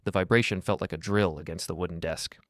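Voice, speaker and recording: A man narrating a first-person story in a steady, measured reading voice. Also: deep voice, no room sound, studio quality.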